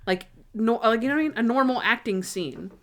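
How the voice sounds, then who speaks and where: A woman's voice: fairly high pitch, brisk, fairly bright tone. Rambling woman podcast co-host. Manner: rambling, acts out scenes in quoted voices. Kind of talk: casual chat, episode recap.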